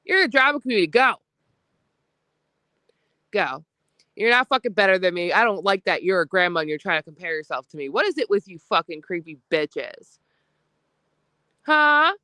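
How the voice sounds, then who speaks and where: A woman's voice: mid-range voice, very animated, normal speed, long pauses, pushed and bright, no room sound. A woman co-hosting a livestream, delivering a profane, combative rant with a slightly nasal voice, lying down as she talks. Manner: profane, confrontational, mocks others in put-on voices. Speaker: livestream co-host. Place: lying down at home.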